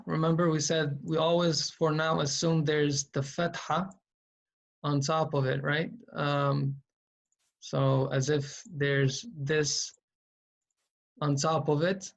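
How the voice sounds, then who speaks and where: A man's voice: on the high side, fairly even intonation, slow pace, creaky, long pauses. A man teaching Quran reading, explaining each sound patiently and repeating it, with frequent fillers. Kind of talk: slow explanatory lesson.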